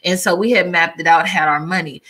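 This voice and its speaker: Bright-voiced woman telling an exasperated story. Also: on the low side, brisk. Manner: expressive, acts out quotes, exasperated. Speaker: guest. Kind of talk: casual storytelling.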